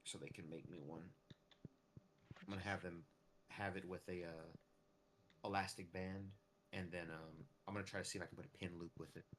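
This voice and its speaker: A man's voice: deep voice, flat delivery, brisk, long pauses, fairly bright tone, slight background noise. An American man streaming a game, chatting casually with lots of fillers and restarts. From United States. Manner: rambling, full of fillers and restarts. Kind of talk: casual chat while streaming a farming game.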